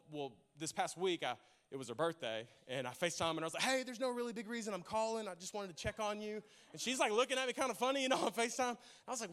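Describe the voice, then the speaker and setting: High-voiced man preaching a lively sermon. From Arkansas. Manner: lively, humorous, laughs often, addresses congregation directly. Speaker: pastor. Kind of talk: sermon with storytelling. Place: church.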